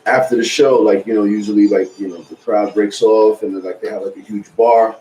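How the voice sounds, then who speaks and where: A man's voice: on the low side, steady tone, fairly quick, warm tone. A man on a podcast in casual chat, telling a laid-back, profane anecdote. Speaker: podcast co-host. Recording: echoey room, faint noise.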